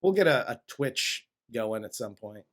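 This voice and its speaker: A man's voice: mid-range voice, lively intonation, a little slow, fairly bright tone. A man hosting a movie review podcast in a laid-back, joking casual chat. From United States. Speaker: podcast host.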